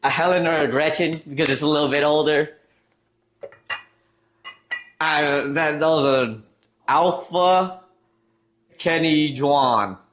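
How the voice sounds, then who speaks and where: A man's voice: on the high side, slow pace, long pauses, a bit bright. A man streaming live, chatting casually and reading out chat messages, trailing off and restarting as he goes.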